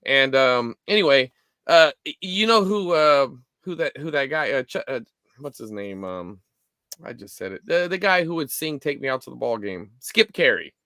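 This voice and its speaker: A man in his forties co-hosting a live stream show, telling stories in a rambling, animated way with lots of fillers. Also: mid-range voice, moderate pace, dry recording, clean studio sound. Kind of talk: casual chat.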